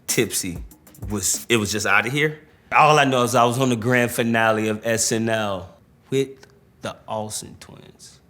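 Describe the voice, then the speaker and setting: A man tells stories from his career in a loose, slangy way, acting out the dialogue. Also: medium pitch. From St. Louis, USA. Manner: animated, slangy, acts out dialogue. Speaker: rapper interviewee. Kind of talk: storytelling interview.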